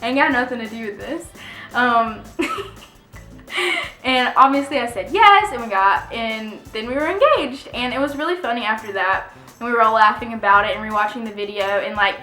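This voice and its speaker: A young woman vlogger tells a casual story to her camera, chatty and animated, often breaking into laughter. Her voice is bright and a little high. The room echoes, with faint music underneath.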